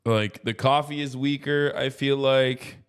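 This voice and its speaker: A man streaming casual commentary, talking in an animated, profane way that keeps breaking into loud mocking rants. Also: medium pitch, measured pace, smooth. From United States. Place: traveling in Japan.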